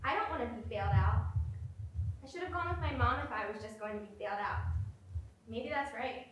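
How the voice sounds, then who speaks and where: A woman's voice: on the high side, fairly quick, lo-fi sound, noisy background. A woman performing a theater monologue, narrating her own actions step by step. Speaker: stage actor. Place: theater stage. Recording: echoey hall, far from mic.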